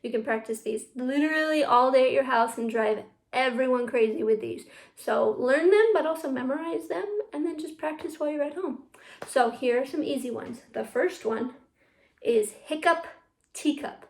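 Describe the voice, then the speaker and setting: A youth theatre drama teacher with a high voice speaks at a moderate pace, leading children through tongue twisters in an online class. She's upbeat and encouraging, calling in from home on a video call through her computer mic.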